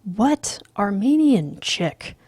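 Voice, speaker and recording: A woman voicing a crude, blustery young yuppie man who often drops to a hush. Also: mid-range voice, very animated, extremely slow, husky, no echo, pitched above the performer's own voice, exaggerated voice.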